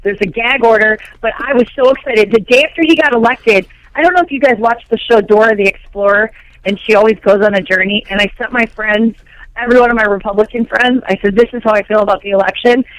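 A woman's voice: mid-range voice, poor audio. A woman comedian chatting as a guest on a radio show, teasing the host and ranting as she acts out quoted dialogue. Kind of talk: rapid comedic radio chat.

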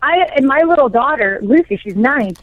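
A woman's voice: high voice, expressive, normal speed, phone-quality sound. A woman comedian chatting as a guest on a radio show, teasing the host and ranting as she acts out quoted dialogue. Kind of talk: rapid comedic radio chat.

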